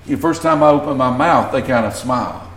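A man's voice: medium pitch, fairly quick, fairly bright tone, echoey room. A man with a Southern US accent preaching a sermon, earnest and building to emphasis when he reads scripture. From Southern United States. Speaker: pastor.

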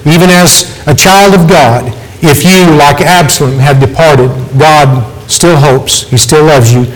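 A man's voice: on the high side, unhurried, poor audio. A man preaching a sermon, earnest and pleading, voice climbing for emphasis.

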